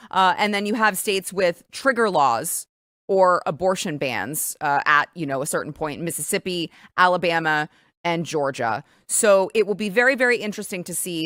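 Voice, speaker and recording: A woman's voice: on the low side, a bit bright, no echo, clean studio sound. A woman hosting a political talk show, giving opinionated commentary with a sarcastic, mocking edge.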